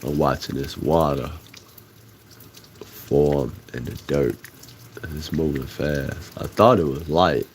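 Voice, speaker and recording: A man's voice: extremely low pitch, steady tone, slow pace, pauses often, a little hiss or hum. A man from Chicago with a Chicago accent, talking loosely on a casual livestream and getting heated and emphatic as he goes. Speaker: livestream host.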